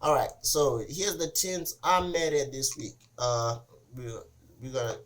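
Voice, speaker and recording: A man hosting a casual sports podcast who tells stories with lots of "he's like" and acts out the quotes. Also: measured pace. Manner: animated storyteller, acts out quotes with rising pitch. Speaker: podcast host.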